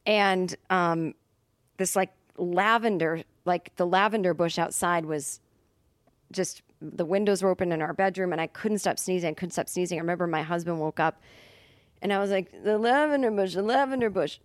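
A woman's voice: fairly low pitch, fairly even intonation, normal speed, no room sound. A woman comedian telling a story as a podcast guest, casual and rambling, full of fillers and restarts. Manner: rambling, many fillers and self-corrections.

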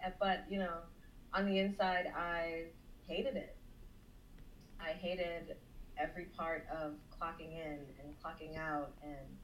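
A woman's voice: lowish voice, unhurried, lo-fi sound. A woman from South Florida, a small business owner, telling her story as a podcast guest and acting out quoted voices. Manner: animated, acts out quotes. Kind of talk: interview storytelling. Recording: echoey room with faint noise.

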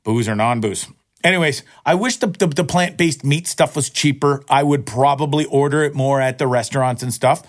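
Excitable swearing man ranting. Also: moderate pace. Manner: rambling, repeats words, swears often; excitable, jumps up in pitch when worked up. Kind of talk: casual profane rant to camera.

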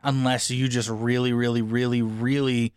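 Smooth-voiced man in casual review chat. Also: mid-range voice, little pitch movement, moderate pace, no echo, studio quality. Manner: rambling, frank, mocking. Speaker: podcast co-host.

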